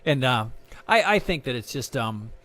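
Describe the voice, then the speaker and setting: A man's voice: mid-range voice, very animated, moderate pace, fairly bright tone. A middle-aged man, a guest artist and filmmaker, chatting in an interview, rambling and self-mocking with many restarts. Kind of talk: casual interview chat.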